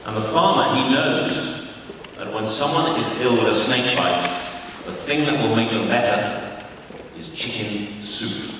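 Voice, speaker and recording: A man with a British accent giving a formal public speech as a diplomat, relaxed and anecdotal, with a touch of humour. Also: lowish voice, measured pace. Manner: relaxed, anecdotal, warmly humorous storytelling. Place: large conference hall. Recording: echoey hall, distant mic, background noise.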